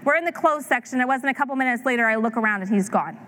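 Animated woman preaching, higher voice. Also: racing. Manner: animated storytelling with acted-out voices. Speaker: pastor. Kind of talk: sermon.

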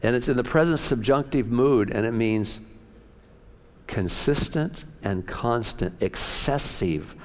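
A middle-aged man preaching a sermon as pastor, folksy and excitable, often jumping up in pitch and loudness. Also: slow, long reverb tail.

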